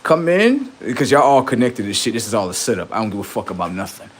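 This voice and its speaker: Profane, animated man ranting on a livestream. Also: fairly low pitch, quick pace. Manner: profane, boastful, laughing, acts out quoted voices. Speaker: livestream host. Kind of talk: rambling livestream monologue.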